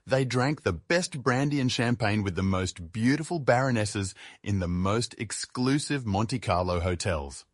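Male essay narrator, measured and wry, dead-dry close sound. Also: on the low side, expressive, dry recording. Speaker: essay reader. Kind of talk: scripted literary narration.

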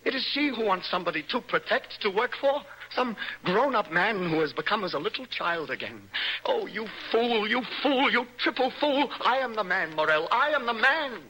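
A nervous, dreamy young poet. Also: male voice, high-pitched, lively intonation, a little fast, hardly any pauses, pushed and bright, a little hiss or hum, poor audio. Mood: impassioned. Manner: poetic, impassioned, mocking. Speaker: young poet in love with a married woman. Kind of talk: stage play acted for radio.

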